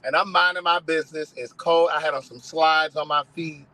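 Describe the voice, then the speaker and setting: A man hosting a casual live stream, telling stories in an animated way and swearing freely. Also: on the high side, moderate pace, poor audio. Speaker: host.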